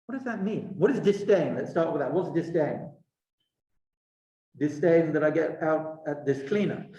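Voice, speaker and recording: A high-pitched man gives a classroom lecture. He quizzes his students and slips in wry asides. The room rings with echo around his voice. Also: normal speed, dull audio. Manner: lively, questioning students. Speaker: teacher. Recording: echoey room.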